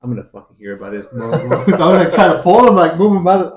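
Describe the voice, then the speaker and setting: A young man hosting a podcast, talking in a relaxed way and swearing casually. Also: on the high side, very fast, crowd noise. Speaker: podcast host. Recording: echoey room.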